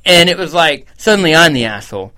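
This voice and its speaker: A male podcast co-host in easygoing talk. He tells stories bluntly, full of swearing and quick asides, at an ordinary, middling pitch. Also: expressive, a bit bright. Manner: profane, blunt storytelling. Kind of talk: casual podcast chat.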